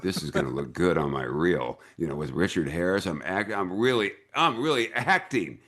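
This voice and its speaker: An older American man, an actor and director, telling lively anecdotes in an interview and acting out the voices in them. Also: very deep voice, brisk. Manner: animated storyteller who acts out quoted voices. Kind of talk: casual interview storytelling.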